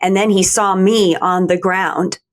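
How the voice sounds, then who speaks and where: A woman hosting a faith podcast, murmuring along softly and then earnestly recalling a shared moment. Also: mid-range voice, fairly even intonation, a little slow. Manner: soft listening murmurs, then earnest recollection. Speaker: podcast host. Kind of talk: conversational podcast talk.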